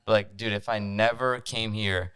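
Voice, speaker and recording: A man's voice: on the low side, fairly even intonation, moderate pace, a bit bright, smooth, dry recording. A young man from France hosting a casual faith podcast, earnest and using "like" a lot. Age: young adult. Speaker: podcast host. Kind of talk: casual chat.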